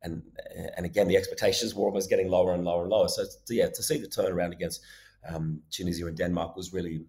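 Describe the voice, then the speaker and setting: A man interviewed as a guest journalist, his voice going hoarse, answering in a thoughtful, rambling way. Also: low voice, flat delivery, quick pace, a little mellow. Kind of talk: remote interview.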